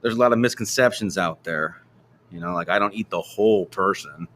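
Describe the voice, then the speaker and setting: A man's voice: sits low, a little fast, fairly bright tone. A man playing a cannibal city councilman, talking offhand and sheepish.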